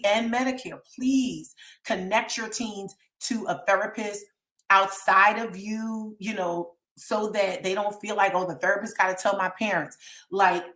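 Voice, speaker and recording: A woman's voice: mid-range voice, a bit bright, reverberant. A woman counselor, talking earnestly to viewers on a live stream and pleading with them to get help. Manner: earnest and pleading, reads out names from chat.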